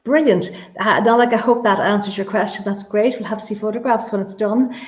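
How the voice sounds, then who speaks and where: A woman's voice: medium pitch, a little fast, a little hiss or hum. A woman with a Donegal accent hosting a live-streamed interview, enthusiastic and effusive as she reads out viewer questions. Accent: Irish, Donegal. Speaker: host. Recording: echoey room, dull lo-fi sound.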